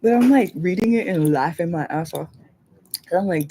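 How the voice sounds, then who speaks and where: A woman hosting a casual livestream chat, rambling and animated, swearing freely and laughing often. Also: on the low side, moderate pace, slight background noise. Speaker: livestream host.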